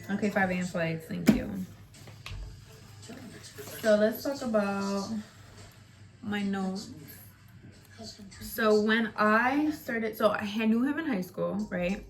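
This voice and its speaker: A woman's voice: medium pitch, slow, pauses often, music in the background. A young woman casually chatting to camera in a vlog, candid and rambling, swearing freely and often laughing. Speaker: vlogger. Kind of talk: casual storytime chat.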